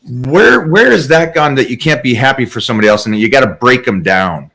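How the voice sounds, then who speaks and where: A man's voice: medium pitch, animated, a little fast, sharp tone. Earnest man in casual chat.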